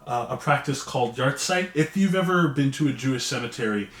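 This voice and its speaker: A man hosting an interview, asking questions in a calm, measured, gentle way. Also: medium pitch, reverberant. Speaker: interview host.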